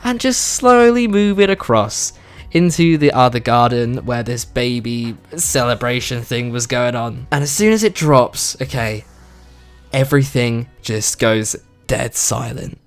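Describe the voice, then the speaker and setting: A man's voice: medium pitch, lively intonation, measured pace, faint music behind. A young man telling an embarrassing story casually on his vlog, swearing freely and laughing along. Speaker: vlogger.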